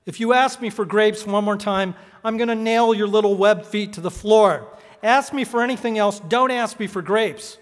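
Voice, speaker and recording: Man puts on irate shopkeeper, blustering and loud, hall reverb. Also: sits high, moderate pace, close to an everyday voice. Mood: furious. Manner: yelling, fed up. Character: exasperated, blustering male store manager.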